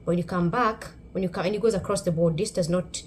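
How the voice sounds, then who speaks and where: A woman's voice: lowish voice, quick pace, a little hiss or hum. A woman with a Kenyan accent giving a wry, sarcastic, emphatic commentary on her vlog. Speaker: YouTube commentator.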